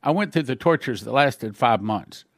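Man, sermon testimony, earnest plain storytelling, mid-pitched voice, dry close sound. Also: animated, moderate pace, dry recording. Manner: acts out dialogue with shifting voices. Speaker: preacher giving testimony.

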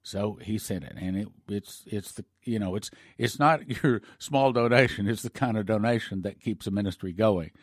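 A man's voice: lowish voice, moderate pace, hardly any pauses, no echo, studio quality. A man hosting a ministry broadcast, preaching informally and appealing for support, rambling with restarts and emotional asides. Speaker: host of a prophecy ministry broadcast.

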